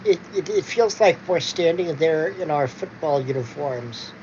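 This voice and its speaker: A man's voice: a little high, animated, a little slow, a little mellow. A man chatting casually in a home vlog, rambling with many fillers and restarts. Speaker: vlogger. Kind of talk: casual chat. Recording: dull lo-fi sound with faint noise.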